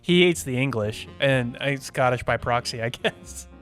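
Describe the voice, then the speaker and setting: A man's voice: medium pitch, moderate pace, fairly bright tone, faint music behind. A man co-hosting a casual movie podcast, giggling often and rambling with lots of "like" and "you know". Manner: giggly, filler-heavy rambling. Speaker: podcast co-host.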